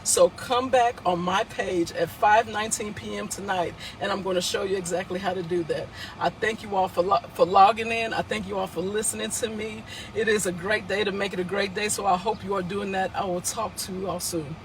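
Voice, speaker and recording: Emphatic high-voiced man urging followers. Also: steady tone, brisk, hardly any pauses, background noise. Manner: emphatic, repetitive, preacherly exhortation. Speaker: founder addressing followers. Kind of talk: live social media talk.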